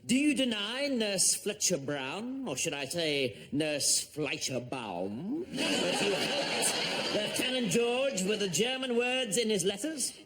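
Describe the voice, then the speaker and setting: A sardonic captain. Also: male voice, high-pitched, big pitch swings, a crowd in the background, full character voice. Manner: dry, sarcastic, deliberate. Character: sardonic English army captain, dry and cutting. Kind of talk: TV sitcom acting.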